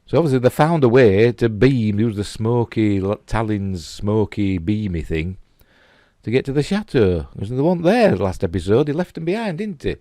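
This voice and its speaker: Low-voiced chatty Yorkshire man. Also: sing-song, moderate pace, dark tone, no echo, clean studio sound. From England. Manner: chatty, rambling, chuckling asides. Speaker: host. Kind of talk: casual commentary on stills.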